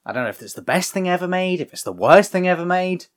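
A man's voice: sits high, very animated, fast. A man in casual, sweary film-recap chat, acting out the characters' lines as he goes.

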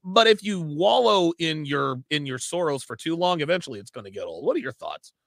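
A man's voice: on the high side, sing-song, fairly quick, vocal fry, a bit bright, dry recording, studio quality. A man hosting a podcast, chatting casually in a blunt, profane way. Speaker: podcast host.

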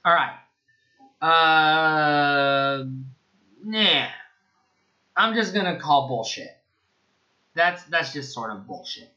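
A man talks through a film review in a loose, rambling way, sarcastic and quick to swear. His voice is bright and forceful. The recording sounds dull and lo-fi. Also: fairly high pitch, lively intonation. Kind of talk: casual spoken review.

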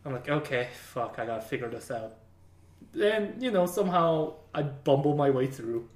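A man's voice: a little high, lively intonation, normal speed, darkish tone, distant mic. A man who works IT help desk tells work stories casually, swearing and laughing. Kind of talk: casual chat. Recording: echoey room, off-mic.

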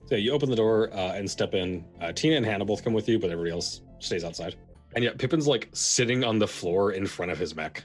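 Male game master, low voice, rambling casual narration over a faint music bed. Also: lively intonation, fast. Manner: loose, filler-heavy narration.

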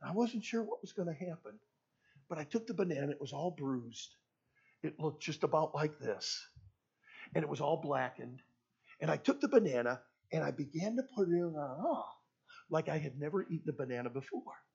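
A male preacher telling a story in a sermon to teenagers, swinging between hushed and loud, on a dull lo-fi recording. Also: on the high side, lively intonation, moderate pace, vocal fry, breathy edge.

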